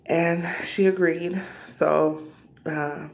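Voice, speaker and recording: A woman's voice: deep voice, steady tone, extremely slow, creaky. A woman vlogger telling a personal story casually to her viewers, acting out scenes with cries and asides. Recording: slightly dull lo-fi audio.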